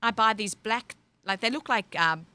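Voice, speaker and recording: Rambling woman guest, bright tone. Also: medium pitch, normal speed, smooth, no room sound. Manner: rambling, filler-heavy explaining. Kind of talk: casual chat.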